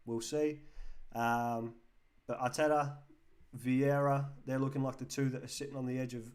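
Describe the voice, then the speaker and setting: A man's voice: medium pitch, flat delivery, normal speed, darkish tone. English man hosting a football stream. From England. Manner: chatty, reads out viewer comments and answers them. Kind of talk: casual live-stream chat reading comments.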